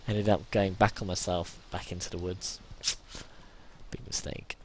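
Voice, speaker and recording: A gamer's live survival-game commentary moves between worried whispering and sudden yelps of panic, with lots of repetition when he's stressed. His voice sits low with little pitch movement, he takes his time, and there's slight background noise.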